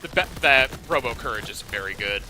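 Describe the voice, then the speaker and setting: A very bright, lively man talks through a co-op game session, his pitch leaping all over as he reacts. He gasps and exclaims at every surprise. Faint game music plays underneath. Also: fairly quick. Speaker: streamer playing a co-op game. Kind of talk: casual gameplay chat.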